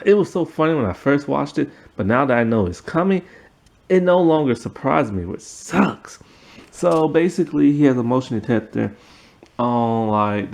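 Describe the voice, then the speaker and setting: A man's voice: fairly low pitch, creaky, a little mellow. A man recapping a TV episode in a casual, rambling way, full of fillers. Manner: rambling, filler-heavy retelling. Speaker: TV episode reviewer.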